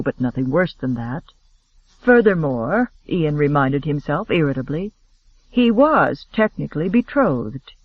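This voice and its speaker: High-voiced male audiobook narrator. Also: no echo, muffled recording.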